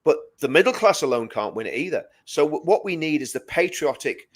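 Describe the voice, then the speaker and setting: A man's voice: fairly high pitch, big pitch swings, a little fast. Emphatic man in casual chat. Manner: emphatic, repeats words while building a point. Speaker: co-host. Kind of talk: casual live-stream chat.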